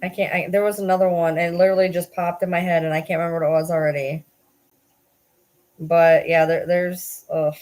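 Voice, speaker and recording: A woman's voice: on the low side, level tone, fairly quick, darkish tone. A woman, chatting casually on a live stream, rambling and swearing with frequent laughs. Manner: rambling, swears, laughs often, self-deprecating.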